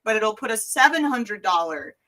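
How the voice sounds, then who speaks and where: A woman's voice: fairly high pitch, expressive, pushed and bright, distant mic. Laughing Tennessee woman telling a wild story. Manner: laughing, swearing, quick anecdote with voiced quotes. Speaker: guest entertainer. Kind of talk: animated storytelling in casual chat.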